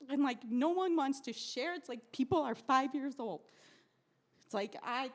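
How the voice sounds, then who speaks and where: A woman's voice: high-pitched, normal speed. A woman telling a story at an open mic in a cafe, ranting in an exasperated way and swearing often. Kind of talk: spoken word storytelling. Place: live cafe event.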